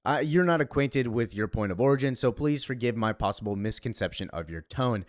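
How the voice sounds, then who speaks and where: A man reading aloud as a formal, sharp-tongued young girl narrator from a comic, in a wordy, stiff manner. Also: medium pitch, lively intonation, brisk, no echo, studio quality, close to an everyday voice. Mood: stern.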